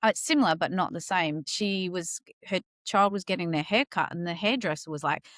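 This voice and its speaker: A middle-aged woman, hosting a casual podcast conversation and telling stories in a lively way. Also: on the low side, brisk, no room sound, clean studio sound. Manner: animated storyteller, acts out quoted dialogue. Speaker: podcast host.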